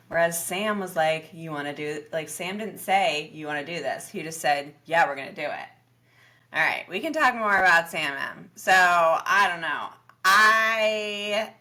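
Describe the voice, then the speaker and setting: A woman co-hosting a podcast, recapping a reality dating show in casual chat and acting out quotes in lively voices. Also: lowish voice. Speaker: podcast co-host.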